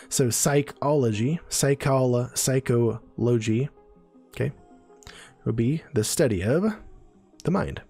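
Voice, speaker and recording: A man's voice: medium pitch, creaky, darkish tone, husky. A man giving a casual live-stream neuroscience lesson, explaining terms and checking in with viewers as he goes. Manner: chatty, explains terms with frequent "right?" and "okay?" check-ins.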